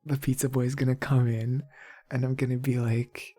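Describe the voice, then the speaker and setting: A soft-spoken young man chatting casually on an ASMR stream, playful and rambling, laughing often. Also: medium pitch, flat delivery, normal speed, soft background music. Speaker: VTuber streamer.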